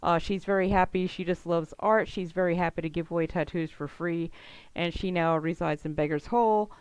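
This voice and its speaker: A woman's voice: lowish voice, steady tone, fairly quick, a little mellow, clear, resonant tone, no echo, rough recording. Chatty woman game master, dry close sound. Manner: chatty, laughs often. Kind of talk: narrating a tabletop game.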